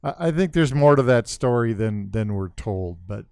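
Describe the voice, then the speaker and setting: A man's voice: medium pitch, lively intonation, normal speed, gravelly, a little mellow, clean tone, no room sound. A man speaking as a podcast guest in casual chat, thoughtful and enthusiastic, on a close mic. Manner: thoughtful, enthusiastic about the past.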